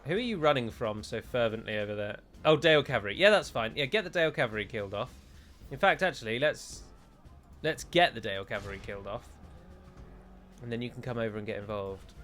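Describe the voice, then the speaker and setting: A man's voice: mid-range voice, expressive, fairly quick, fairly bright tone, soft background music. Joking man commentating a strategy game. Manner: joking, sarcastic, rambling. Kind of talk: let's play commentary.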